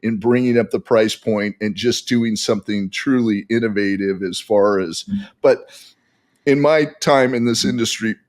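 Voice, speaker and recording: A man telling animated, rambling stories as a guest in a casual podcast chat. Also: fairly low pitch, normal speed. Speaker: golf equipment testing guest.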